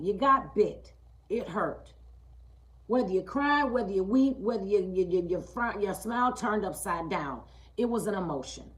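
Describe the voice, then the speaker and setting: A woman hosting a live stream, speaking emphatically and repeating her points, often checking in with "okay?" and dropping low and quiet on key lines. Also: expressive, normal speed, rough recording. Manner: emphatic, repetitive, keeps asking "okay?". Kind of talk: live-streamed motivational talk.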